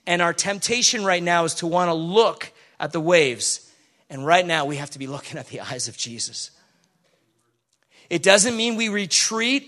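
High bright-voiced animated male preacher. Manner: animated, acts out the people in the Bible story. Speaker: pastor. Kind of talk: sermon with scripture reading.

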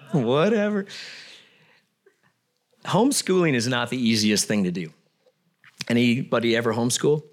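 A man's voice: medium pitch, lively intonation, a little slow, pauses often. A middle-aged man preaching a sermon, reading scripture aloud and adding conversational, joking asides. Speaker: pastor.

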